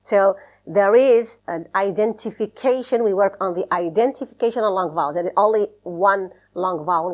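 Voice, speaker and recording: A woman teaches a listening lesson at a middle pitch. She explains in a slow, halting way with plenty of fillers, then repeats the practice words again and again.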